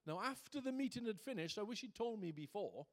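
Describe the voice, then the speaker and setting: High-voiced man preaching. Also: animated, brisk. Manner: conversational preaching, building to fervent emphasis. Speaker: pastor. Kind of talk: sermon.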